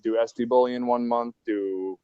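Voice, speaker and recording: A man's voice: mid-range voice, fairly even intonation, moderate pace, clear, resonant tone, no room sound, highs cut off. A man with a Minnesota accent on a casual video call, joking around and asking lots of questions. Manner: jokey, asks many questions. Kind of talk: casual chat.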